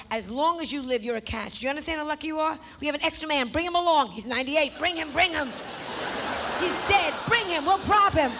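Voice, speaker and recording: A woman doing a stand-up comedy routine, talking brashly and confidingly to the people in the audience. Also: high-pitched. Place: stage before a live audience. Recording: noisy live stage recording.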